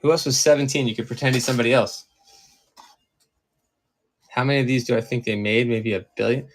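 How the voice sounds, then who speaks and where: Hosting a laid-back live-stream auction of collectibles, a Maryland man chats with viewers while going through his stock. His pitch is average and his tone steady, and he speaks a little quickly in a loose, distracted manner, often pausing to hunt for items. Soft music plays in the background.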